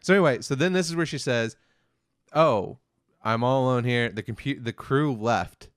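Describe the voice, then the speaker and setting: A man's voice: medium pitch, moderate pace, clear, resonant tone, dry recording, clean studio sound. A man co-hosting a review podcast, casually retelling an episode's plot in a rambling way with lots of fillers. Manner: rambling, many fillers, quotes characters flatly.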